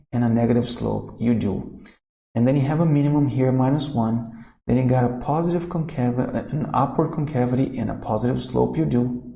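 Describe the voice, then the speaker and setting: Man, math teacher, screen-recorded lesson, informal self-correcting, roomy echo, mellow tone. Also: medium pitch, creaky.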